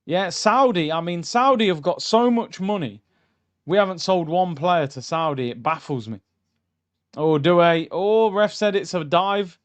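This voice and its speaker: A young man hosting a live football watchalong, chatting through the game and yelling at the screen. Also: sits high, unhurried. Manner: excitable, shouts at the screen, chatty tangents. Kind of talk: live match reaction commentary. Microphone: streaming mic.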